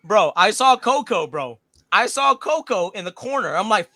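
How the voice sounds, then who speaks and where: Rowdy man in his forties who swears freely; very lively pitch, dry close sound. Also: moderate pace, no room sound. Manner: loud, profane, boisterous storytelling. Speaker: co-host. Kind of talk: casual chat.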